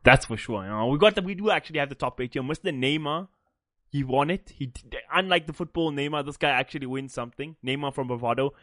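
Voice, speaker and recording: A man's voice: mid-range voice, lively intonation, fast, fairly bright tone, no echo, studio quality. A man from South Africa co-hosting a casual esports podcast, joking and teasing himself. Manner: joking, self-mocking, swears. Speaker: podcast co-host.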